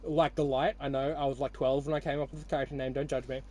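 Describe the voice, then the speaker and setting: A man's voice: mid-range voice, level tone, fast, darkish tone. A young Australian man hosting a podcast, chatting casually with friends in a rambling, teasing way full of swearing. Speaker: podcast host. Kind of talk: casual chat.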